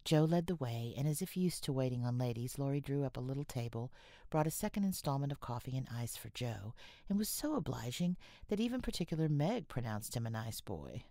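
A woman's voice: rumbling low, animated, a little fast, dark tone, dry recording, studio quality. A woman narrating a classic novel as an audiobook, reading expressively and often dropping into a whisper. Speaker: audiobook reader.

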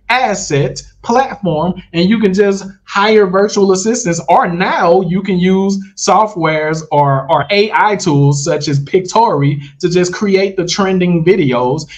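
A man hosting a casual livestream, giving a hyped, salesy pep talk straight to his viewers, full of slang and repeated phrases for emphasis. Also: sits high. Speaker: host of an online money-making livestream.

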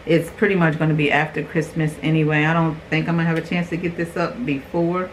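A woman's voice: sits low, a little hiss or hum, rough recording. A middle-aged woman, chatting animatedly and exclaiming through a casual unboxing vlog. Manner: animated, exclaiming, quick asides. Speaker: beauty vlogger.

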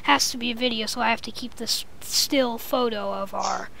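A young woman with a high, light voice co-hosts a homemade podcast. She chats casually, giggles often and teases her co-host in a playful, joking way. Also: moderate pace, gravelly, crowd noise. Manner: giggly, playful, trades silly jabs. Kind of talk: casual chat.

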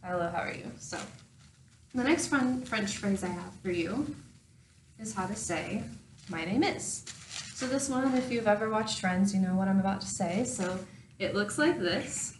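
A woman's voice: medium pitch, measured pace, distant mic. Young woman, chatty step-by-step lesson, wry asides; roomy, off-mic sound with faint hum. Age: young adult. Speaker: language teacher. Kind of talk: casual spoken lesson.

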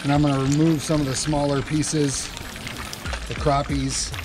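A man's voice: a little high, flat delivery, normal speed. A man hosting a fishing and cooking channel, chatting through a casual cooking demonstration and talking straight to the viewer with instructive tips. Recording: music playing underneath.

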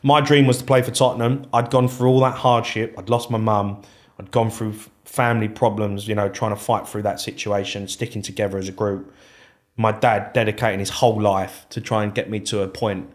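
A man's voice: fairly low pitch, flat delivery, a little fast. A man guesting on a podcast as a former footballer, telling his story candidly and swearing freely. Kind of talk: casual storytelling interview.

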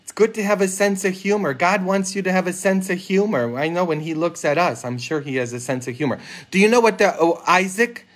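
Male priest, playful live-stream homilist with a slightly high voice who chats with viewers and laughs at his own jokes. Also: a little fast, hardly any pauses. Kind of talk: homily on a live stream, chatty joke-telling. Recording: live social media stream.

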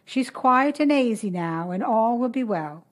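A woman voicing a calm middle-aged midwife who soothes and gives firm orders. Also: a little high, unhurried. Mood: firm, soothing.

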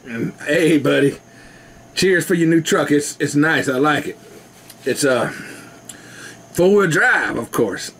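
A man's voice: medium pitch, gravelly, fairly bright tone, slight background noise. A man rambling casually to his camera at home, laughing often. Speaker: vlogger. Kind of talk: casual rambling video chat.

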